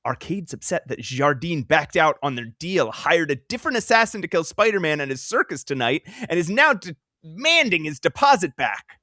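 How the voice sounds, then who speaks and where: Lively, bright-voiced man recapping comics. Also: fairly high pitch, dry recording, studio quality. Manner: rambling recaps with self-interruptions and quick jokes. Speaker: podcast co-host. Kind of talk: casual comic book podcast chat.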